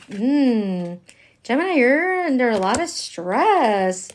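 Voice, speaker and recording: A tarot reader on a livestream, she's chatty and emphatic, tossing in slang and swinging between hushed asides and excited outbursts. Her voice is mid-range, and there's a little hiss or hum in the audio.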